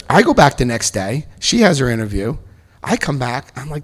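Middle-aged man, storyteller at a talk; animated, acts out quotes, spikes into loud excitement. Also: mid-range voice, moderate pace. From New Jersey, US. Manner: animated storyteller acting out other people's lines, bursts of loud excitement. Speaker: speaker telling his recovery story. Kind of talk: personal storytelling speech.

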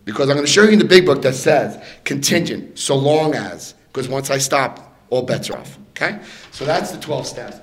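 A middle-aged man telling his recovery story to a room, animated, swinging between loud and soft and acting out voices. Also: mid-range voice, normal speed. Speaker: recovery speaker.

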